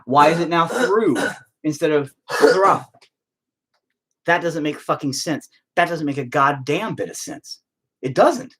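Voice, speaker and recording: A man's voice: fairly high pitch, a bit bright, husky. A middle-aged man hosting a painting video, chatting casually and ranting with heavy profanity in exasperation. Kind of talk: casual chat while painting.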